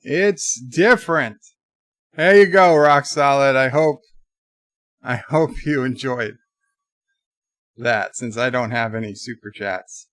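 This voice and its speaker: A man's voice: medium pitch, takes it slowly, pauses often, a bit bright, no echo, studio quality. A man hosting a livestream, reading viewer comments aloud in a chatty, exasperated way. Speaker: livestream host. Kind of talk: casual live chat reading comments.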